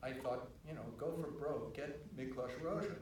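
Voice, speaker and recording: An older man, a writer-director on a film panel, recounting production stories in a measured, dry way at a screening Q&A. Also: mid-range voice, fairly even intonation, a little mellow, a little hiss or hum. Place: cinema auditorium. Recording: roomy, distant from the mic.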